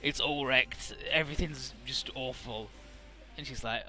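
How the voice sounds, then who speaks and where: A man's voice: medium pitch, a little slow, pushed and bright, faint music behind. Profane rambling let's-play man. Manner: rambling, profane, loose summarizing. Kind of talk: casual game commentary.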